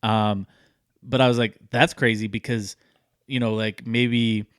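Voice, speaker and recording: A man's voice: on the low side, slow pace, clear, resonant tone, dry recording, studio quality. A man, co-hosting a podcast and telling a long story in a casual, rambling way full of fillers. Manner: rambling, many fillers, animated when telling stories. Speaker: podcast co-host.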